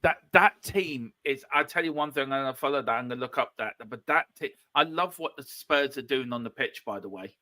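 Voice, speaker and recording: A guest from a fan channel joins a live football watchalong, chatting animatedly, joking with the host, and putting on silly voices. His mid-range voice is a little fast with few pauses, and there is no room sound.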